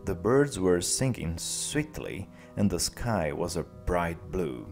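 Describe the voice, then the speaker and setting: A man teacher narrating a classic story slowly and clearly for language learners. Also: sits low, soft background music. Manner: slow, clear, expressive.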